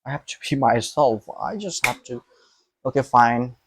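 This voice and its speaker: A man's voice: mid-range voice, expressive, normal speed, a bit bright, a little hiss or hum. A young man vlogging to his camera, thinking aloud in an emphatic, rambling way, repeating himself and swearing.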